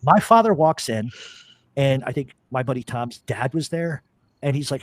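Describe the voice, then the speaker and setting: A middle-aged man hosting a podcast, telling stories in a profane, animated casual chat. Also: mid-range voice, normal speed, dry recording. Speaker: podcast host.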